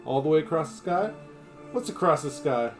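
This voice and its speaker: A man's voice: fairly high pitch, animated, moderate pace, soft background music. A man hosting a casual livestream, chatting in a rambling way with his viewers and his dogs. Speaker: livestream host.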